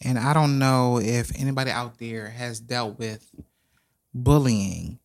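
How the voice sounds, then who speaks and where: A man co-hosting a podcast, talking in an animated, dramatic and emotional way, close to tears at times. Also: medium pitch, measured pace, gravelly. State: tearful. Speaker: podcast co-host. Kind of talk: casual podcast chat.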